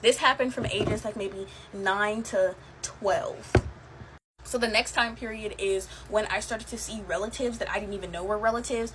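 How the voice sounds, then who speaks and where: A woman's voice: medium pitch, steady tone, normal speed, background noise. A young woman telling her own eerie stories in a casual, chatty way, with many fillers and laughs. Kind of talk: casual storytelling to camera.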